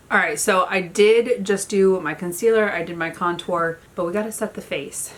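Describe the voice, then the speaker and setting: A woman's voice: fairly low pitch, normal speed, hardly any pauses. A woman in her thirties chatting casually at home while doing her makeup, a storyteller who fills her talk with "like". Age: 30s. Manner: chatty storyteller, many "like" fillers. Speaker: beauty vlogger. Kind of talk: casual makeup tutorial chat.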